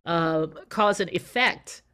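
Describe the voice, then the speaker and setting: A woman's voice: fairly low pitch, takes it slowly, a bit bright, clean tone. A woman co-hosting a podcast, a mother who talks emphatically and with dry sarcasm in casual chat.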